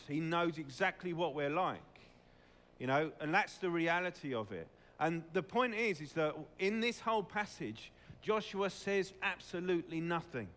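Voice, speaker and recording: A man's voice: high voice, fairly bright tone, long reverb tail. A man preaching a conversational sermon, often putting questions to his congregation.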